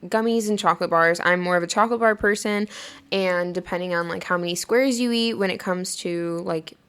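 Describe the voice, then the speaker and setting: A woman's voice: fairly low pitch, brisk, a bit bright, clean tone. A woman hosting her own podcast, telling a personal story in a chatty way, full of "like" fillers and laughing while she talks. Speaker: podcast host. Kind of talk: casual storytelling monologue.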